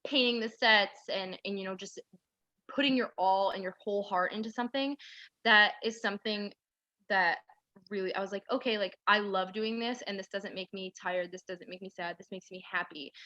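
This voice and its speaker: Young woman guest, bright and tense, rambling and full of fillers; dry, dull recording. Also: medium pitch, no room sound. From central New York. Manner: rambling storytelling with many "like" fillers. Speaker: guest, aspiring actress. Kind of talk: casual interview chat.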